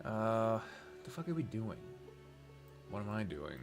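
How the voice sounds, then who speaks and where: A man's voice: on the low side, big pitch swings, measured pace, music in the background. A man streaming a strategy game, rambling casually, talking to himself and swearing often. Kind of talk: casual live-stream chat while gaming.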